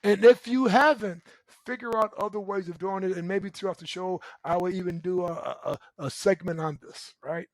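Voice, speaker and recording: A middle-aged man giving a motivational relationship talk as host, loud and emphatic, often checking in with "right?". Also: sits high, normal speed, no echo, low-quality recording. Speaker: relationship coach and show host.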